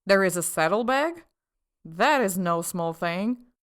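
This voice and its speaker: A woman voicing a scheming, two-faced male official who talks in a sly, half-mocking and forceful way, in an audiobook. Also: lowish voice, unhurried, smooth. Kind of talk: audiobook character voice.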